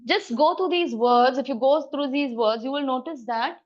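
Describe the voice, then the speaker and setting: A woman teaching a grammar lesson in a classroom, brisk and coaxing as she quizzes students. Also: sits high, dull audio.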